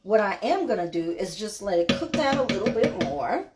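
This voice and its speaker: A woman's voice: medium pitch, very animated, moderate pace, very noisy. A woman, hosting a casual live cooking stream in her home kitchen, chatting with viewers and trailing off with fillers. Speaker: cooking show host.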